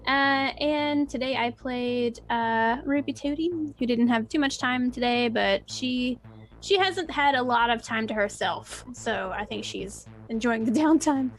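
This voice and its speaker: A woman in her thirties with a fairly high voice, chatting brightly about her streaming. She talks in a casual, bubbly way. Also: a little slow, faint music behind. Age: 30s. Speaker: streamer and player. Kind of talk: casual chat.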